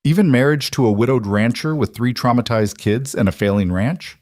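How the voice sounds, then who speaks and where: A man voicing a steady, protective widowed rancher in his thirties in a storybook western. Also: medium pitch, moderate pace, no room sound, clean studio sound, lightly acted. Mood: warm teasing.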